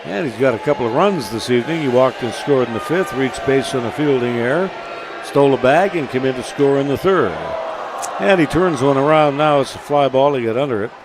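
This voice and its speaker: A man's voice: fairly quick, noisy background. Easygoing male baseball play-by-play voice. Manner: relaxed, chatty between pitches. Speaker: play-by-play announcer. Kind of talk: baseball radio commentary.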